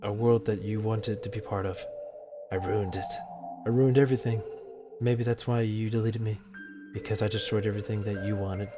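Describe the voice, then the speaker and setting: A man voicing a distraught young female game character, reading her dialogue aloud in a raised falsetto over dull lo-fi stream audio. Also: steady tone, normal speed, music in the background, close to an everyday voice. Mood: remorseful.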